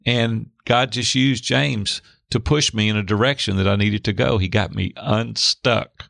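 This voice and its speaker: A middle-aged man telling a personal story in an interview, lively, acting out the voices of the people in it. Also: lowish voice, unhurried, creaky, dry recording, studio quality. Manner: animated, acts out quoted voices. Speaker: guest. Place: Hendersonville near Nashville.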